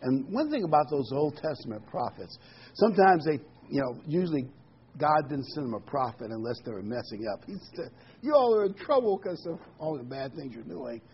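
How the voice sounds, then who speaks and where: A man's voice: a little high, sing-song, fairly quick, husky, dull audio. A middle-aged man giving a casual sermon, reading scripture and musing aloud with frequent ums and restarts. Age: middle-aged or older. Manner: conversational, rambling, many ums and restarts. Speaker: preacher.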